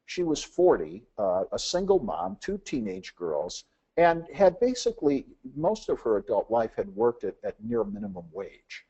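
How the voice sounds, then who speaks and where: A man's voice: medium pitch, big pitch swings, moderate pace, warm tone, slightly rough. A man giving a business presentation, telling anecdotes and acting out the dialogue, with frequent "uh" fillers.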